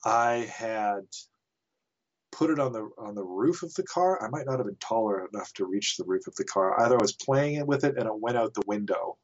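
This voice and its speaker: Low-ish guy from canada telling a long rambly story w little laughs, muffled podcast sound. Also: lively intonation, brisk. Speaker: podcast guest. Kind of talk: casual anecdote telling. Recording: dull lo-fi podcast audio.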